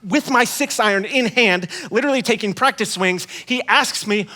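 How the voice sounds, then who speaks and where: A man giving a sermon as guest speaker, telling a story with self-mocking humor and moving between hushed asides and emphatic points. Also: sits high, normal speed, few pauses.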